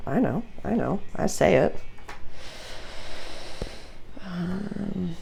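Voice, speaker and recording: Gushing, gravelly-voiced woman astrologer. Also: on the low side, expressive, drawn-out words, noisy background. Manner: effusive, gushing, warm encouragement. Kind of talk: casual astrology reading monologue.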